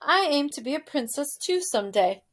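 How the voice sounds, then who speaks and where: A woman voicing a twelve-year-old, half-deaf servant girl who talks loudly in rustic speech in a storybook read-aloud. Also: high voice, expressive, normal speed, pitched above the performer's own voice. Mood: loud, eager. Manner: shouting, countrified speech.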